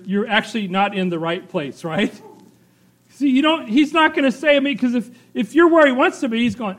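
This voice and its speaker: A man's voice: extremely high pitch, lively intonation, moderate pace, a bit bright. A middle-aged male pastor preaching a sermon in a conversational way, reading scripture and often adding "right?" and "you know" as asides.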